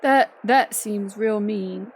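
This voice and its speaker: A woman's voice: medium pitch, takes it slowly, slightly rough. A woman chatting eagerly as a player in a tabletop game. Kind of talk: casual chat during a tabletop game.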